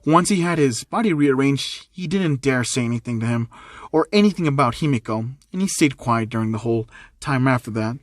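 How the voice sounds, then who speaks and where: A man narrates an amateur fan story in a plain, repetitive way, at a middling pitch. His voice sounds dry and close, with no room echo. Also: lively intonation, a little fast.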